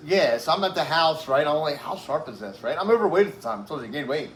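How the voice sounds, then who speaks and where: This man's voice is fairly high and bright, animated and quick as he tells an interviewer a long, rambling story full of swearing, "like," and "right?" He's a little out of breath and uses oxygen. The casual chat was captured in an echoey space with faint noise behind it.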